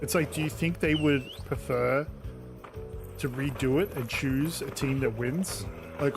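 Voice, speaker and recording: A man chatting loosely while playing a game, swearing and telling animated stories. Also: mid-range voice, measured pace, music in the background. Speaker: gaming channel host. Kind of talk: casual chat while playing.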